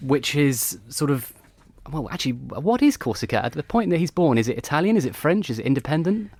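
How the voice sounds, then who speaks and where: A man's voice: a little high, very animated, a little fast, a little mellow, no room sound. A man hosting a history discussion, asking playful questions in a casual chat. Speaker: host.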